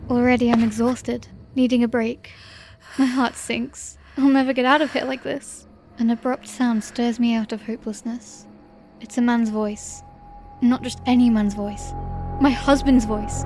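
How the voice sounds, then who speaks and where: A woman with a fairly high voice tells a first-person horror tale in a tense, dramatic way. Clear music plays under her narration throughout. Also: darkish tone. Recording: music bed behind the voice.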